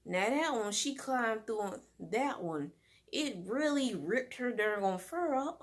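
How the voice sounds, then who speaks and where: A woman's voice: a little high, slow pace. Chatty woman rambling through a story. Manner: rambling, animated, many fillers and restarts. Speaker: vlogger. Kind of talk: casual storytime monologue.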